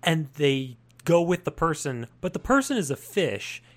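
A man's voice: on the high side, big pitch swings, normal speed. A man co-hosting a podcast, chatting casually with a dry, wry manner. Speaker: podcast co-host. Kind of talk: casual chat.

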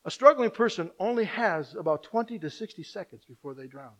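A male pastor preaching a sermon, swinging from loud emphatic lines to quiet asides. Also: sits high, animated, a little fast.

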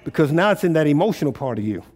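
A man preaching a sermon in a call-and-response style, often climbing into loud exhortation. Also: on the high side, big pitch swings, very fast. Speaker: pastor.

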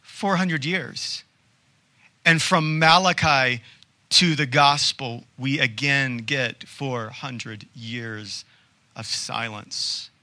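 A man who is a pastor, preaching a sermon in a conversational way with rhetorical questions and dramatic pauses. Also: mid-range voice, pushed and bright.

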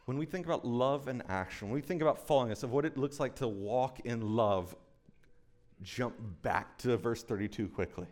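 A man in his thirties preaching a sermon as pastor, moving between slow, soft emphasis and quick, chatty storytelling with frequent asides to the congregation. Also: mid-range voice. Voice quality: conversational with frequent "right?" asides.

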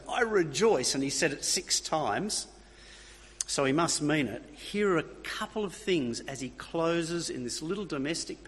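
A man's voice: on the high side, a bit bright, husky. A man preaching a sermon, emphatic, repeating key phrases and checking in with his listeners. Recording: long reverb of a hall.

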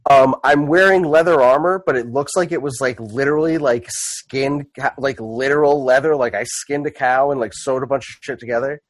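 A man's voice: mid-range voice, fairly even intonation, a little fast, hardly any pauses, dry recording. A man playing a tabletop game, describing his character in a rambling way with many fillers and jokes. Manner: rambling, filler-heavy, joking. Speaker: player. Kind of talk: casual tabletop role-play.

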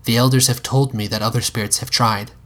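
A man voicing a calm, wise female spirit in a measured, matter-of-fact drawl in a spoken story. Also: medium pitch, natural voice.

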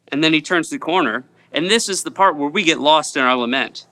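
Guy preaching a sermon, kinda high voice, bright and forceful, earnest, keeps repeating stuff for emphasis. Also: fairly quick, hardly any pauses. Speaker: pastor.

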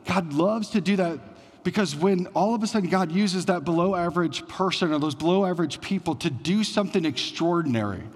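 Higher-voiced male pastor in a reverberant hall. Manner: conversational preaching with frequent "like" fillers. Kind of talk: sermon.

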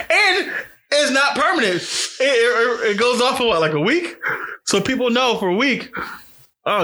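A man telling a story in casual chat, angry and profane, his voice jumping up when he acts out what he said. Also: high voice. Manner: animated, voice jumps up for quoted outbursts.

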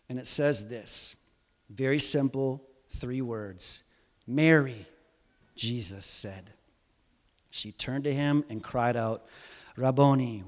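A man preaching a sermon in a chatty, animated storytelling manner, with a long hall reverb. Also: mid-range voice.

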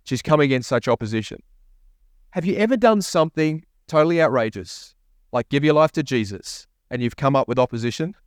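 A man's voice: medium pitch, animated, fairly quick, no room sound, studio quality. A man preaching a sermon as a pastor, repeating key phrases and asking rising questions. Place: church.

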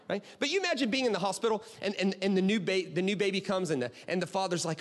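Man, pastor, lively conversational sermon, high voice, long echoing reverb. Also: quick pace, hardly any pauses. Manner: animated, keeps asking "right?" and "okay?". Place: church auditorium. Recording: reverberant hall.

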